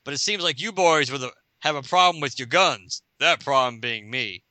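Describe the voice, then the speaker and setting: A man's voice: medium pitch, normal speed, sharp tone, no room sound. A man voicing a cocky, bumbling male alien space cop who bluffs with self-assured bluster. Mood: smug.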